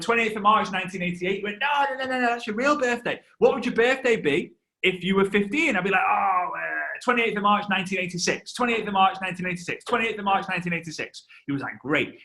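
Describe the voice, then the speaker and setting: Bright, animated young man, mid-high voice. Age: 30s. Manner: animated storyteller, shouts and laughs, quick asides to the audience. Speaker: guest speaker. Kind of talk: energetic motivational training talk.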